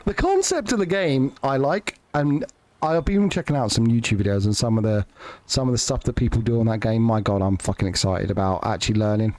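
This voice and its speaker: A man's voice: mid-range voice, expressive, fairly quick, darkish tone, dry recording. Guy streaming a farm game, joking and swearing, voice bouncing all over. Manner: joking, sweary, rambling with restarts. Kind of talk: casual live-stream chat.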